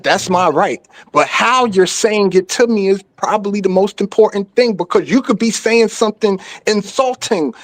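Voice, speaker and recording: A man's voice: high-pitched, no echo. A man with a New York accent, a panelist in a casual debate, explaining his view at length and asking whether you follow him. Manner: laid-back, explaining, keeps asking if you understand.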